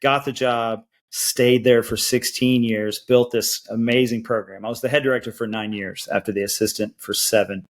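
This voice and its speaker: A man in his forties from Georgia tells lively stories on a podcast, acting out the other people in them. His pitch sits in a middle range for a man. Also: normal speed, few pauses. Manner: lively anecdotes with acted quotes. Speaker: podcast guest, band educator. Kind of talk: storytelling interview chat.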